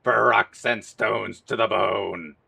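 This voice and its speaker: A man barking as a gruff drill sergeant. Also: fairly low pitch, fairly even intonation, takes it slowly, full character voice. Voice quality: throat-ripping growl. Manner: shouted taunts.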